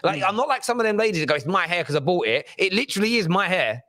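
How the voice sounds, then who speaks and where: A man's voice: high-pitched, animated, rapid-fire, pushed and bright, no room sound. Joking English man in his late thirties. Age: 30s. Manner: jokey, self-mocking, rambling. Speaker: fan channel host. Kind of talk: casual football chat.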